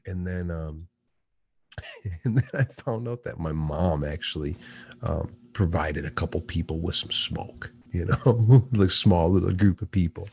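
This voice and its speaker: A man's voice: low-pitched, measured pace, vocal fry. A man telling a story in a casual chat, full of laughter and swearing. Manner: laughing, profane, animated storyteller. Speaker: podcast guest.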